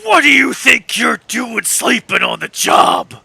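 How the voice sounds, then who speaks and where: A man voicing a grumpy old hunchbacked male sailor who shouts and curses as he scolds. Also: fairly high pitch, sing-song, normal speed, dry recording, exaggerated voice. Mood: angry.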